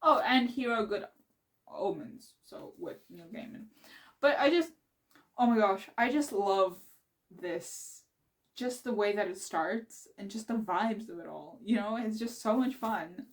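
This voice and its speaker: A young woman book vlogger chatting casually and excitedly about her reading, rambling and laughing as she goes. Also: mid-range voice, a little slow. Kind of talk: casual chat.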